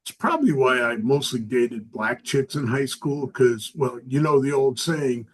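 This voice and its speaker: An older man doing a stand-up comedy set, a self-described lovable curmudgeon delivering dry, deadpan jokes about family. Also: mid-range voice, unhurried, slightly rough, poor audio. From Southern California.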